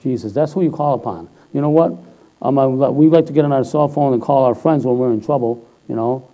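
A man preaching a casual, conversational sermon to a congregation. His tone is very dark and mellow. He keeps checking in with his listeners and swells louder and higher when he urges them on. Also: a little fast, poor audio. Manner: informal, chatty preaching with frequent "all right?"; rises loud and high on quoted voices and exhortations.

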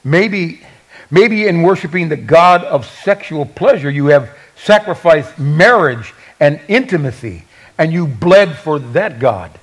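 A man preaching a sermon as a pastor, telling a Bible story in an animated way and acting out the quoted voices with humor. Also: fairly high pitch, measured pace, low-quality recording.

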